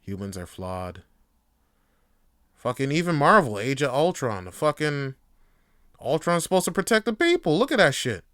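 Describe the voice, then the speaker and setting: A man's voice: on the high side, very animated, normal speed, pauses often, fairly bright tone, dry recording, clean studio sound. A man hosting a podcast, talking in a casual, rambling way and ranting with plenty of swearing. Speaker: podcast host.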